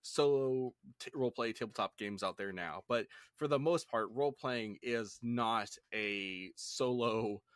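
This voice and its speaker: Male podcast host, mid-pitched, rambling casual chat, dry close mic. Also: unhurried, hardly any pauses, no room sound. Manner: rambling, apologizes for ranting.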